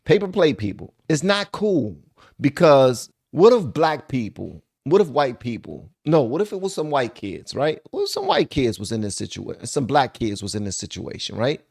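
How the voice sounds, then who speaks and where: A man's voice: mid-range voice, big pitch swings, normal speed, vocal fry, darkish tone, breathy edge. A man hosting a reaction commentary show, talking into a desk microphone and often repeating himself. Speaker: channel host.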